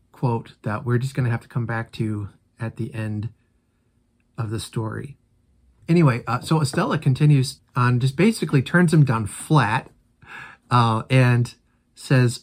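A man's voice: medium pitch, measured pace, long pauses. A man hosting a casual book commentary, animatedly retelling and reacting to the story. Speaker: host.

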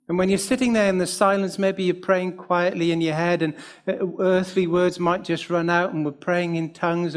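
A middle-aged UK man with a slightly high voice offers a gentle sermon in a pastoral spirit, including a light joke along the way.

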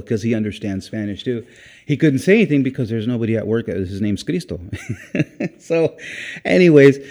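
A man preaching in an informal, earnest way, his voice mellow and warm. He rambles and restarts his sentences, repeating words as he goes. Now and then he drops in a quiet "praise God.". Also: medium pitch. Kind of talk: informal sermon.

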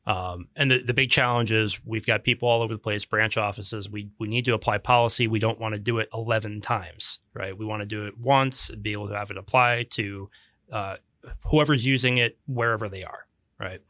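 Bright-voiced man explaining tech casually. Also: on the low side, fairly even intonation, fairly quick, no room sound. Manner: explanatory, lots of fillers and restarts, dry jokes. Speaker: podcast co-host. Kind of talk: casual technical discussion.

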